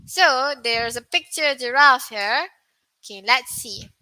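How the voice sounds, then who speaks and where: A young woman teaching an online English pronunciation lesson, asking viewers questions and repeating words slowly. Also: high voice, pushed and bright, no echo, poor audio. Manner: slow, repetitive, questions to viewers.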